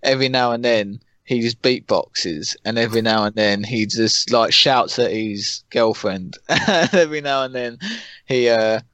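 Monotone young man podcasting. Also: mid-range voice, a little slow, clean tone, no echo. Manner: flat, monotone delivery. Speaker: podcast co-host. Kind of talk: casual chat.

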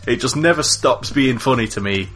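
A man co-hosting a podcast, relaxed and amused, talking in a mid-pitched voice with some hesitant fillers. Faint music runs underneath. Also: normal speed. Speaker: podcast co-host and editor. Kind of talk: casual chat.

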